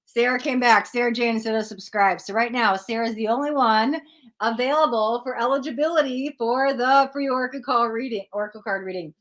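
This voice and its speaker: A woman hosting a live-streamed tarot reading, talking straight to viewers in an animated, encouraging way. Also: fairly high pitch, brisk, poor audio.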